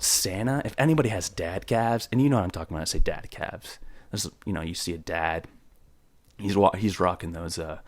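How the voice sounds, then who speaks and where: A low-pitched young man rants comedically on his own podcast, mock-outraged and rambling in a joking way. He's recorded close to the mic, with no room sound.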